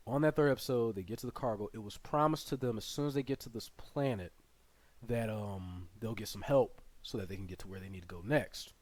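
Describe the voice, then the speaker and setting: A man's voice: lowish voice, a little mellow, dry recording. Man casually recapping a plot, dry sound. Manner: rambling, filler-heavy retelling with quick asides. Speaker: channel host reviewing a series.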